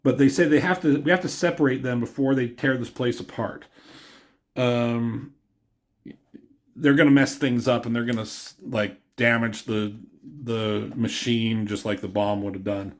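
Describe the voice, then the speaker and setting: A man's voice: medium pitch, fairly even intonation, unhurried. Man casually rambling through a comic review. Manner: rambling, filler-heavy, chuckles at his own jokes.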